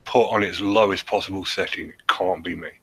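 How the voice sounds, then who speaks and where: An English man, producer and co-host of a podcast, making dry deadpan comebacks over an online call from home. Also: sits low, fairly quick, slightly rough. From England. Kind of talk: casual chat.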